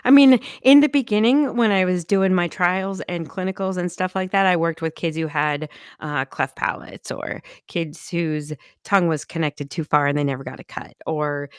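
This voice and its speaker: Chatty low-voiced woman, dry sound. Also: normal speed, hardly any pauses, clean tone, no room sound. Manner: chatty, laughs often, trails off mid-sentence. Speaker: podcast co-host; former speech pathologist. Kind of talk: casual chat.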